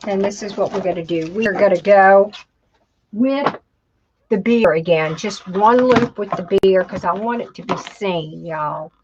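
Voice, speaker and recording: With a medium-pitched, unhurried voice, a woman hosts a casual craft demonstration, chatting and talking to herself as she works and saying "y'all." The dull lo-fi home video audio has a noisy background.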